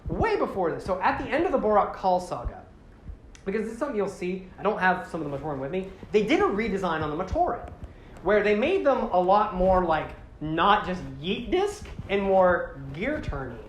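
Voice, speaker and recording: A man casually retelling a story with excitement, acting out the characters in exaggerated voices. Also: high voice, brisk. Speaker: podcast host recapping a franchise. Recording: echoey room with faint background noise.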